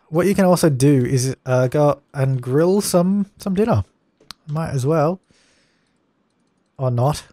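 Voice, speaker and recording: A man's voice: a little high, a little mellow, no room sound. A young man casually commenting on a life-sim game while he plays, chatty and easily exasperated, laughing at its mishaps. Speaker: let's play gamer.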